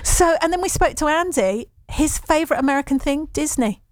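A woman hosting a radio show, her voice sitting a little high. She talks with gushing enthusiasm and laughs often, and the sound is close and dry with no room around it. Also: lively intonation, a little fast, no room sound. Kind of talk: chatty radio talk.

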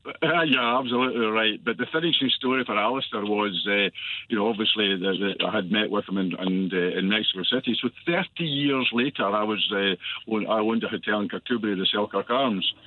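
A Scottish man in his sixties calling a radio show, telling a long story in a rambling, enthusiastic way with many pauses. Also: lowish voice, no room sound. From Scotland. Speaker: caller. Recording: tinny phone line.

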